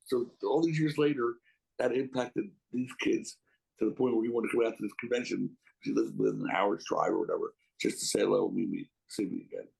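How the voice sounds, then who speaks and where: A man's voice: mid-range voice, fairly even intonation, normal speed, gravelly, darkish tone, breathy edge, rough recording. A middle-aged man, a guest reminiscing in a casual interview, rambling and emotional with many restarts.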